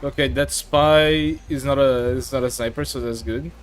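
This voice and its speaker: A man with a steady, mid-range voice and a clean tone streams a game at a moderate pace. His casual live-stream commentary is chatty, full of "like" and "uh," and he reads chat aloud.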